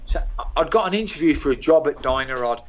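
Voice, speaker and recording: A man in his sixties from Birmingham, telling animated, self-mocking stories as an interview guest. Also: a little high, fast, muffled recording, slight background noise. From England, Birmingham. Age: 60s. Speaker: guest, former footballer. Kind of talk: storytelling interview.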